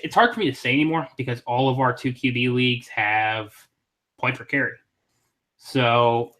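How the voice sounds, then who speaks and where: A man's voice: mid-range voice, bright, forceful tone. A man co-hosting a casual fantasy football podcast, talking in a laid-back, blunt, profane way. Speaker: podcast co-host.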